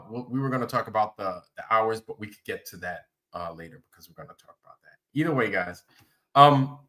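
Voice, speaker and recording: A man with a lowish, sharp-toned voice hosts a livestream. He chats casually and rambles, greeting viewers by name.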